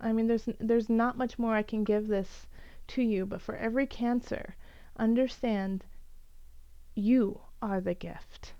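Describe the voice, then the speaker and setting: A woman's voice: a little high, steady tone, normal speed, mellow, clean tone, no echo, muffled recording. Earnest, encouraging woman tarot reader. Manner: earnest, encouraging, many fillers and restarts. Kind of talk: tarot reading for the zodiac signs.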